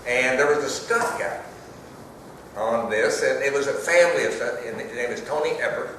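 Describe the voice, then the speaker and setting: A man's voice: medium pitch, sharp tone, slight background noise. An older man, an actor on a panel, telling a rambling story full of ums and uhs. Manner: rambling, fills pauses with um and uh. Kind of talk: casual storytelling. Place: festival hall with a live audience. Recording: echoey hall, mic heard from a distance.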